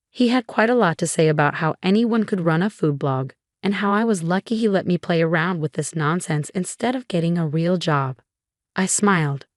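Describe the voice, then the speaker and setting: Low-voiced woman narrating a story, dry sound. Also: moderate pace, no echo. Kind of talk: scripted first-person story narration.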